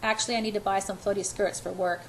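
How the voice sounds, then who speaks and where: A woman's voice: mid-range voice, steady tone, quick pace, a little hiss or hum, rough recording. A woman narrating an amateur audiobook in the first person, earnest, with occasional stumbles.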